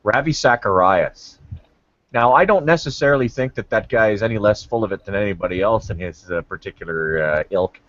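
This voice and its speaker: A low-voiced man hosting a casual debate hangout, full of crude jokes and rambling asides. The sound is dry and dull, like lo-fi call audio. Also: brisk, fairly bright tone, no echo. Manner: crude joking banter, rambling. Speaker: hangout host. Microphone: video call.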